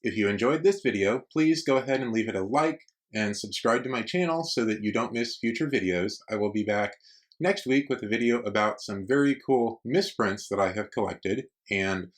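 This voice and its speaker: A man with a fairly low voice hosts a casual collecting vlog. He talks in an easygoing, enthusiastic way, saying "y'all" as he walks through his shelf. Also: moderate pace. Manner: enthusiastic, conversational, uses "y'all". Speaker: book collector channel host. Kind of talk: casual show-and-tell vlog.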